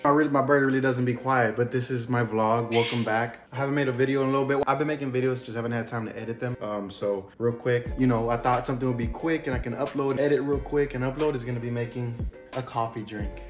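A man's voice: medium pitch, fairly even intonation, quick pace. A man rambling casually through a home coffee-making vlog in his kitchen. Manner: rambling, chatty, self-interrupting. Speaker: vlogger. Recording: echoey room with music playing.

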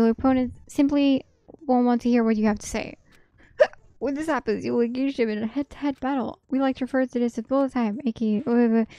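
A young woman streaming a game live, reading game text aloud with excited, swearing, laughing asides. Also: on the high side, no room sound.

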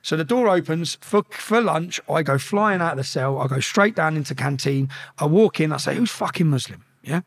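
A man telling a story as a podcast guest, animated and profane, acting out the shouted exchanges. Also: a little high, normal speed.

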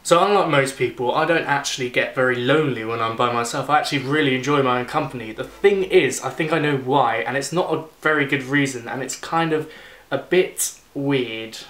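A man's voice: medium pitch, a little fast, a bit bright, echoey room. A young man, chatting casually and self-deprecatingly in a rambling vlog. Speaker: vlogger.

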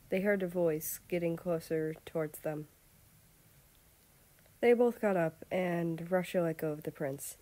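A woman reading fan fiction aloud as a steady storyteller. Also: fairly low pitch. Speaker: fanfiction reader.

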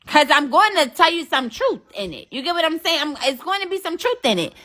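Brash high-voiced woman livestreamer. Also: very animated, a little fast, pushed and bright. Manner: brash, profane trash talk. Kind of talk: casual livestream chat with viewers.

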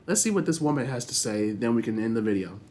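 A young man casually commenting on his own gameplay, chatty and excitable, swearing freely and reacting loudly to what happens on screen. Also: medium pitch, quick pace, a little hiss or hum. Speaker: gaming channel host.

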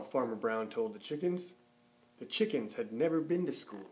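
A man reading a children's picture book aloud, expressive, lifting his voice for the characters and dropping low and soft at the ends of sentences. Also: a little slow. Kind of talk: storybook read-aloud.

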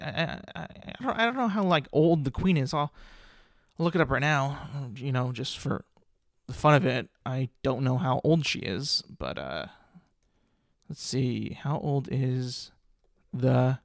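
A man's voice: medium pitch, expressive, measured pace, gravelly, no room sound, studio quality. A man hosting a casual solo podcast, rambling with lots of "like" fillers, restarts and casual swearing. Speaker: podcast host.

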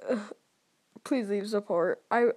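A woman's voice: mid-range voice, slow, darkish tone. A young woman playing a horror game, sounding scared and jittery and stammering now and then. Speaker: gamer.

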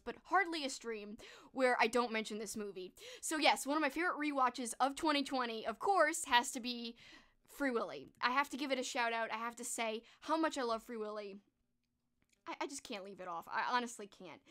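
Casting note: a young woman, slightly high-voiced, chatty and effusive as a live-stream host. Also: a bit bright. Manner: chatty, enthusiastic, gushing with restarts. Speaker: streamer and horror book host. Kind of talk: casual live-stream chat.

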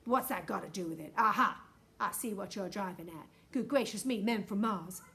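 A woman voicing a blustering, childish male president who talks in a petulant, loud way. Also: mid-range voice, brisk.

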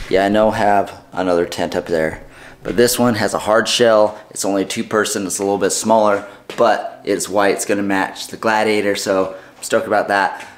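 A man in a home garage, chatting casually and thinking aloud as he works on a project. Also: fairly low pitch. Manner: relaxed, chatty, thinking aloud while working. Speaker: DIY vlogger.

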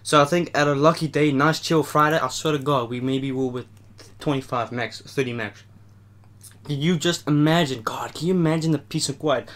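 A man's voice: on the high side, normal speed. Rambling young Dutch-accented man, joking. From Netherlands. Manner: rambling, joking, trails off quietly. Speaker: mukbang host. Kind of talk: casual chat while eating.

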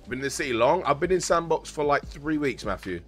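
A man's voice: on the high side, lively intonation, quick pace, faint music behind. A man from South East London with a London accent, chatting casually to his stream viewers in a rambling, explaining way with some swearing.

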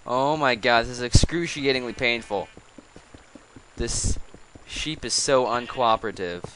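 A man's voice: mid-range voice, measured pace, a bit bright, a little hiss or hum, poor audio. A man giving casual gameplay commentary, coaxing animals along with exasperated, chatty asides. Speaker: let's play host.

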